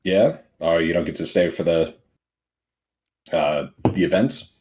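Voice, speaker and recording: A man's voice: sits low, measured pace, a little mellow. A man playing a tabletop game, asking questions in a friendly, inquisitive way as his character. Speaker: player.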